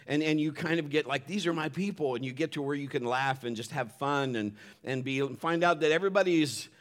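A man's voice: a little high, a little fast, a bit bright. A man pastor giving a folksy, joking sermon and church announcements on a live stream. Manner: folksy, upbeat, joking, with many restarts.

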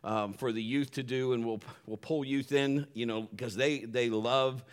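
A man's voice: mid-range voice, steady tone, measured pace, smooth. A man pastor giving a folksy, joking sermon and church announcements on a live stream. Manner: folksy, upbeat, joking, with many restarts.

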